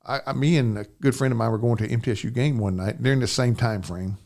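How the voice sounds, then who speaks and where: A man's voice: medium pitch, fast talker, gravelly, darkish tone. An older man, a podcast guest telling a personal story in plain, rambling speech, often asking "you know what I'm saying".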